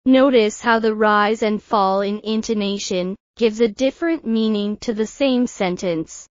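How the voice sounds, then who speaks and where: Woman teacher doing a pronunciation lesson, slow and careful, saying words for you to repeat, dry muffled lo-fi audio. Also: medium pitch, no echo. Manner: slow, deliberate, models words for repetition.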